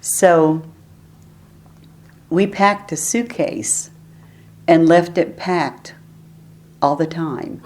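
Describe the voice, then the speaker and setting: A woman's voice: low voice, drawn-out words, long pauses, darkish tone. An older woman telling stories in an oral history interview, chatty and often laughing as she talks. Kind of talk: relaxed storytelling.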